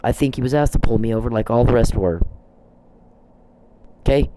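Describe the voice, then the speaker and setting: A man's voice: mid-range voice, normal speed, mellow. A man hosting a solo podcast, delivering an emphatic, repetitive and accusatory rant. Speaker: podcast host.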